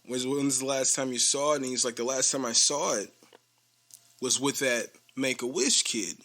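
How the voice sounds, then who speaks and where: This podcast host has a mid-range voice, pushed and bright, at a moderate pace. He casually retells a TV episode in a rambling way, acting out the characters' lines and laughing often.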